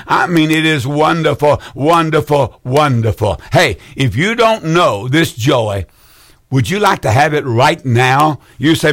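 A man's voice: on the high side, expressive, a little slow, fairly bright tone. Fervent seventy-something man preaching. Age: 70s. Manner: fervent, repeats phrases for emphasis, calls out hallelujahs. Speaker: preacher hosting a call-in program. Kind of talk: call-in preaching.

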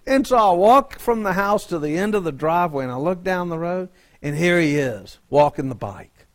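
A man's voice: sits high, lively intonation, normal speed. A man, a pastor telling a joking, folksy story in a sermon.

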